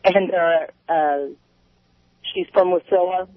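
A man's voice: high-pitched, fairly even intonation, crowd noise. A man calling in to a radio show, hesitant and full of fillers. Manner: slow, hesitant with many fillers. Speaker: caller. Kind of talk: call-in radio chat. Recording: tinny phone line.

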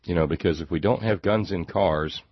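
A deep, husky man delivers a sarcastic talk-show monologue that rambles and stumbles over repeated words. His voice is dry and close, and the recording sounds dull and lo-fi. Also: moderate pace, no echo. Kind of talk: political commentary monologue.

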